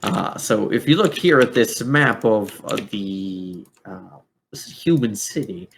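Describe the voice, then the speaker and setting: A man voicing a chatty male robot officer who hands out gear and a mission, talking in a halting way with many ums. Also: fairly low pitch, lively intonation, creaky, a little hiss or hum. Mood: rambling. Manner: rambling, halting, full of ums.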